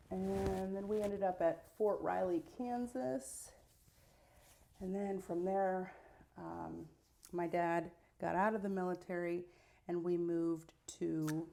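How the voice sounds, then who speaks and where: Middle-aged woman, slow casual vlog talker, low gravelly voice, dry asides. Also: darkish tone, slight background noise. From United States. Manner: chatty, unhurried storytelling with dry asides. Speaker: vlogger. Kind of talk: get-ready-with-me vlog chat.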